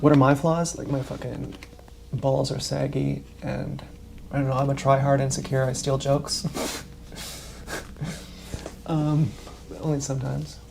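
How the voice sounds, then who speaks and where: A man's voice: medium pitch, gravelly, darkish tone, a little hiss or hum. A man livestreaming a rambling, profane, meandering monologue with emphatic bursts.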